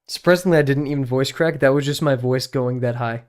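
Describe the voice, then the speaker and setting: A man's voice: mid-range voice, a little fast, clean tone. A young man in his twenties, a streamer talking in a casual, rambling way, often laughing at himself. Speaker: drawing streamer.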